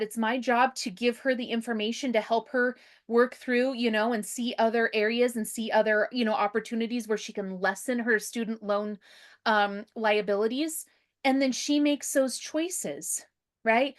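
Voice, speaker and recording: A woman speaking in a casual podcast conversation, earnest and candid, often adding "right?" and "you know". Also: on the high side.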